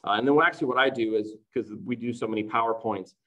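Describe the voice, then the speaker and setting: A man's voice: medium pitch, fast talker, sharp tone, rough recording. A man presenting to fellow teachers in an online conference talk, explaining classroom activities in a chatty way and often checking in with "right?".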